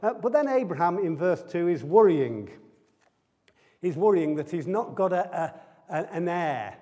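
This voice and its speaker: Unhurried and warm, a man's high, sing-song voice fills a church hall with long reverb as he preaches to a live audience. The sermon is chatty, with humorous asides and a steady stream of rhetorical questions for listeners.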